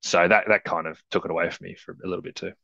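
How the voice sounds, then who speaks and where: A man co-hosting a casual film podcast, talking in an animated way and acting out bits of dialogue. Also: sits low, rapid-fire, vocal fry, no echo, dull audio. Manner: animated, acts out quoted dialogue. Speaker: podcast co-host.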